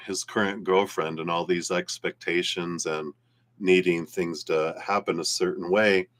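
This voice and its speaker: A man's voice: sits low, a bit bright. A man giving a casual live-stream tarot reading, rambling and laughing easily. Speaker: tarot reader.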